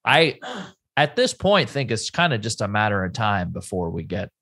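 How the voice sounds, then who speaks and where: A man's voice: fairly low pitch, very animated, moderate pace, sharp tone. A man co-hosting a podcast, retelling a story casually and quoting each person's lines as he goes. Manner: conversational, quotes people in a play-by-play retelling. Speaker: podcast co-host.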